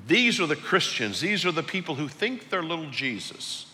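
A man preaching a sermon as pastor, emphatic, swinging between loud peaks and quiet low lines. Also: big pitch swings, normal speed. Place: large church hall. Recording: long hall reverb.

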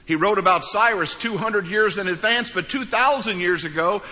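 A man's voice: sits high, normal speed, pushed and bright. A middle-aged male pastor preaching a sermon, with sudden rises and drops in his voice. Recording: reverberant hall.

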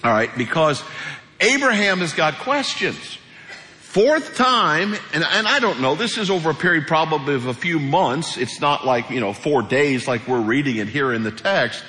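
A male pastor preaching a sermon in a church sanctuary. He speaks in a colloquial, animated way and acts out the voices he quotes. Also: on the high side, moderate pace. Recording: echoey hall reverb.

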